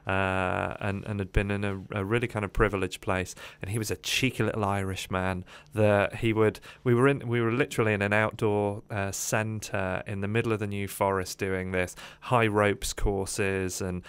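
Low-voiced man telling his life story. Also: smooth, no echo. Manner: rambling, with many fillers and restarts. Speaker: radio interview guest. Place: radio studio.

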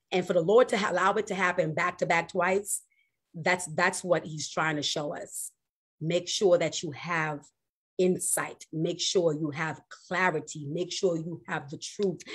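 A woman pastor preaching a sermon, animated, swinging from loud exclamations to hushed, slow emphasis. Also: fairly low pitch, slightly rough.

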